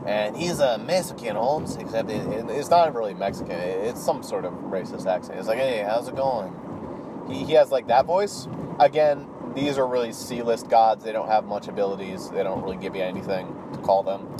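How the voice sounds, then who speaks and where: A man's voice: fairly low pitch, fairly quick, background noise. A man casually recapping a role-play campaign as a channel host, talking offhand with many fillers and restarts.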